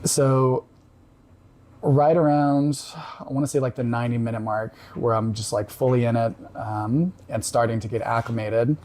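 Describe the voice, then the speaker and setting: A man calmly recounting a personal story in casual conversation, reflective, with frequent pauses and fillers. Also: mid-range voice. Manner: reflective, halting with many fillers. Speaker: podcast guest.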